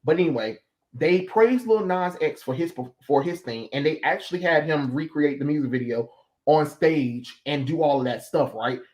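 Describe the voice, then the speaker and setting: This livestream host has a voice on the high side, a little mellow, moving at a moderate pace. In casual chat he goes off in a heated, blunt rant with some cursing.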